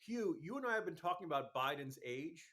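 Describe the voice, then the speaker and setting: A man with a voice pitched a little above the usual male range, talking as a radio guest. He presses his points quickly and emphatically, with an exasperated edge that runs through the whole conversation. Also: sing-song, sharp tone. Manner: fast, exasperated, emphatic argument. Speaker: political commentator guest. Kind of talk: talk radio interview.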